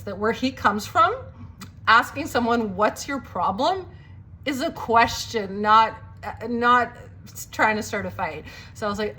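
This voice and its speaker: A woman's voice: medium pitch, a bit bright, a little hiss or hum. A woman who grew up in Greece, telling a personal testimony story and acting out the dialogue as she goes.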